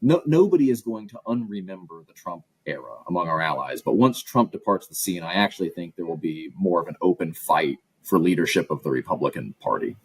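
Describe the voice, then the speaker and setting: A male professor gives measured, concise answers in a very deep voice. His tone is a little husky, and the sound is dry and close. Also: big pitch swings, no room sound, poor audio. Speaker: guest author and professor. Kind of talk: interview answers.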